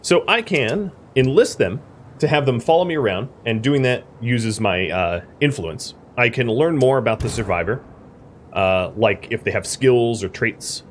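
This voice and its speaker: A man's voice: medium pitch, expressive, unhurried, slight background noise. A man streaming a video game, casually explaining the mechanics with lots of fillers. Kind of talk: casual gameplay commentary.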